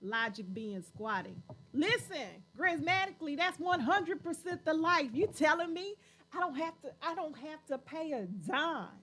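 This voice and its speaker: A woman's voice: sits high, animated, a little slow, bright, forceful tone. A woman hosting a casual livestream chat, playful and teasing, laughing often as she reads viewer comments.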